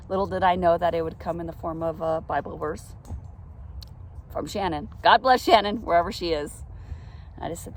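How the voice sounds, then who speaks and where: A middle-aged woman telling a personal faith story, outdoors in a park, earnest and reflective, with soft laughs now and then. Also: on the low side, brisk, a little hiss or hum.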